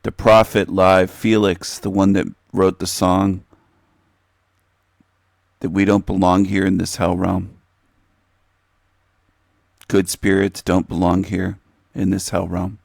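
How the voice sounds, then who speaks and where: Deep-voiced male host, losing his voice a little, slow rambling chat, dry close sound. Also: little pitch movement, creaky, dry recording. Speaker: host of a livestream channel. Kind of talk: casual commentary to viewers. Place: indoor room.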